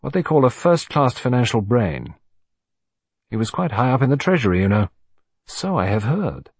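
A man voicing a bluff middle-aged naval commander in an audiobook, talking bluntly and emphatically in a slightly husky voice. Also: medium pitch, big pitch swings, normal speed, a little mellow, no room sound, clean studio sound. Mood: musing.

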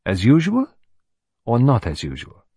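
A man's voice: medium pitch, wildly swooping pitch, warm tone, husky, no echo, studio quality, heavily acted. A man doing a precise, formal detective. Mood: probing. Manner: measured, formal questioning. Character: polite, precise older male detective.

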